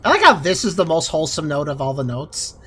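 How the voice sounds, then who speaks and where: A woman's voice: sits low, big pitch swings, fast talker, sharp tone, husky. A woman giving casual, sarcastic commentary while playing a video game. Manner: sarcastic, critical. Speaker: let's play host.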